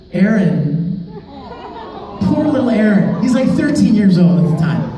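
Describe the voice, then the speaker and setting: A man speaks as a convention panel guest, playful and quick to laugh, his pitch leaping around as he spins a story for the fans. He sits far from the mic in a large hall, so his voice comes back with a long echo, and a crowd murmurs clearly behind him. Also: sing-song, mellow, slight background noise. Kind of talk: storytelling to a live audience.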